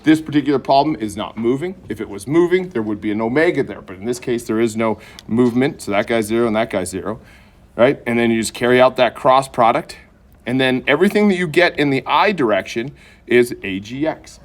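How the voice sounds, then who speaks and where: A man's voice: mid-range voice, lively intonation, a little fast. A middle-aged man teaching an engineering class in a conversational, joking way, often checking in with "right?". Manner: conversational, frequent "right?" check-ins and self-deprecating jokes. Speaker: engineering professor. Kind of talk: classroom lecture. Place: lecture hall.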